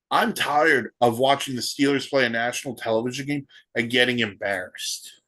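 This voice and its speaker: A man's voice: medium pitch, normal speed, hardly any pauses, a bit bright. A man hosting a solo sports podcast, ranting and firing off rhetorical questions. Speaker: podcast host.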